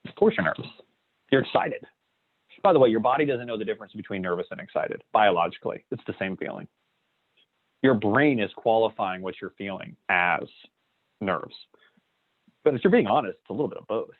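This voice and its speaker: A man leading a training session in an energetic coaching way, acting out sample lines. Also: fairly low pitch, a little fast, long pauses. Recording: dry, tinny phone-like line.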